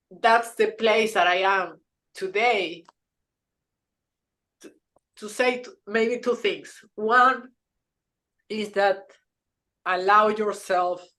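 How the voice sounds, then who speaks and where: A woman in her thirties or forties, a podcast co-host, telling a personal story in an earnest, halting way, in non-native English with grammar slips and frequent restarts. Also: medium pitch, fairly even intonation, sharp tone.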